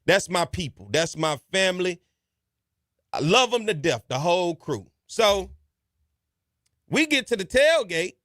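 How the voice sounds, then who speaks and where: A man's voice: high voice, big pitch swings, measured pace, long pauses, fairly bright tone, no echo, studio quality. A man hosting a podcast, giving folksy, repeated advice and telling stories in a casual, colloquial way. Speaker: podcast host. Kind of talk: casual advice monologue and storytelling.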